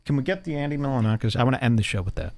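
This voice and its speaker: Sneering man ranting with lively pitch. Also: rapid-fire, no echo. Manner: sneering, mocking, profane. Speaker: podcast host. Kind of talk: casual ranting commentary.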